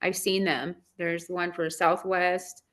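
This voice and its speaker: A woman's voice: lowish voice, level tone, takes it slowly, fairly bright tone. A woman from Southern California with a valley girl accent, hosting a casual online chat, bubbly and chatty, laughing often. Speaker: host.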